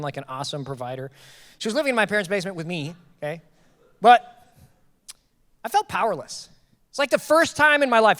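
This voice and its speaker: A man in his thirties preaching a sermon as pastor, telling a personal story with jokes and lively quoted dialogue. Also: high-pitched. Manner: animated, joking, quotes people in raised voices. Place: church auditorium. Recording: long hall reverb.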